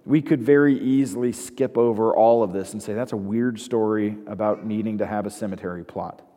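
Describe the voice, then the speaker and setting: A man's voice: lowish voice, fairly even intonation, fairly quick, warm tone. Man preaching in a reverberant hall. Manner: reads scripture then explains with casual asides. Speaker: pastor. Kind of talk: sermon with scripture reading.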